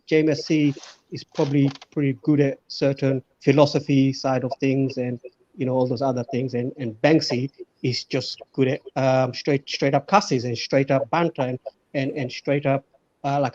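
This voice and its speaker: A man's voice: mid-range voice, fairly even intonation, a little mellow, no echo. Man, online panel chat, stop-start delivery, dry muffled call audio. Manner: halting, repeats words, chatty. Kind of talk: casual online debate.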